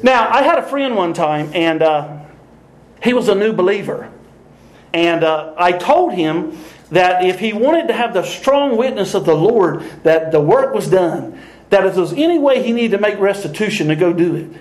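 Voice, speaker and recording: A man's voice: high voice, moderate pace, reverberant, low-quality recording. An older man preaching a sermon, telling stories with frequent laughter and acting out the people in them. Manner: animated, laughing often, acting out dialogue. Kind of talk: sermon with storytelling.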